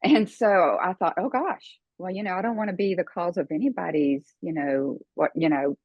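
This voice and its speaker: An older woman as an interview guest, telling her story earnestly, with many fillers and pauses. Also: lowish voice, no room sound, muffled recording. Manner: earnest, emotional, halting with fillers.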